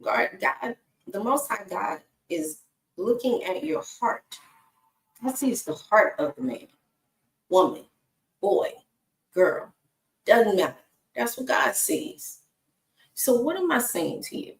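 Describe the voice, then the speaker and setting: A woman's voice: a little high, very animated, slow pace, gravelly, pauses often, distant mic. A woman giving a casual faith talk, chatting straight to her viewers and breaking off now and then to talk to her dog. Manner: conversational, talks to her dog between points. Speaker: inspirational speaker. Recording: echoey room, away from the mic.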